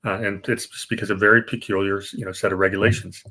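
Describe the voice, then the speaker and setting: A man's voice: lowish voice, flat delivery, fast talker, sharp tone. A man hosting a podcast, explaining financial history in a casual, rambling way with fillers and restarts. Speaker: podcast host. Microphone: remote podcast setup.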